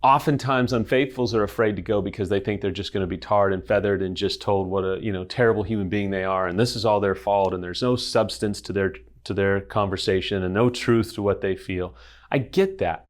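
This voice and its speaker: A man's voice: lowish voice, brisk. A middle-aged man hosting, speaking earnestly to camera and telling a personal story, quoting others in dialogue. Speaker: host. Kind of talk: direct-to-camera talk.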